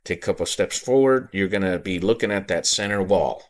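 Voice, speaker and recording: A man hosting a podcast, telling a personal story in a halting way, repeating words and getting choked up. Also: sits low. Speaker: podcast host.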